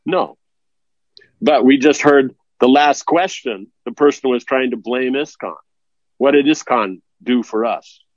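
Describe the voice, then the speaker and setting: A man preaching a sermon, blunt and scolding, with a stream of rhetorical questions. His voice sits at a middling pitch, recorded dry and a bit dull. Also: a little slow, dry recording. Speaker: spiritual teacher.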